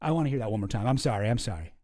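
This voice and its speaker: A man giving relaxed, rambling commentary as he reacts to old clips. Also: mid-range voice, very fast, dry recording. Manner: laid-back rambling with many fillers. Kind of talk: casual commentary.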